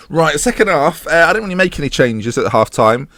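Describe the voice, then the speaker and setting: Male gaming host, animated, sarcastic, dry close sound. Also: fairly high pitch, a little fast, few pauses, no echo. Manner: sarcastic, self-mocking, mock match commentary. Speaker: gaming YouTuber. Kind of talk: casual let's-play commentary.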